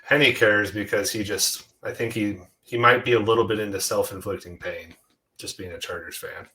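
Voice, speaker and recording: A man with a lowish, bright and forceful voice jokes around with his co-hosts in a relaxed sports chat. He teases and prods the others playfully. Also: moderate pace, poor audio. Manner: teasing, joking. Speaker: podcast co-host.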